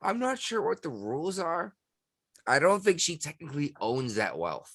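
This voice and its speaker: A man co-hosting a casual podcast chat, blunt and quick to swear, hiccuping. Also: on the high side, sing-song, no echo. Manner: blunt, swears freely, laughs while talking. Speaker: podcast co-host.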